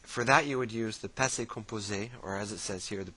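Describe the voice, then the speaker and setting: A man explaining things in a casual, relaxed screen-share tutorial, using many fillers and restarts. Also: on the low side, brisk, low-quality recording. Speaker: language teacher.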